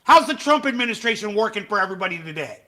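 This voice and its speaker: A man with a high, bright, cutting voice rants through a livestream, swearing and hurling insults at the clips he reacts to. His talk lurches between muttered asides and sudden yells. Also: animated, racing. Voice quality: profane, angry, shouting insults. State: has facial palsy flare-up. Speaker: livestream host. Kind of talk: ranting live commentary.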